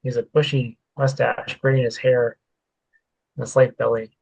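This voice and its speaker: Flat-voiced man reading his own story. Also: medium pitch, normal speed, creaky, a little hiss or hum, low-quality recording. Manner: plain reading with occasional stumbles and self-corrections. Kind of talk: reading a work-in-progress story aloud.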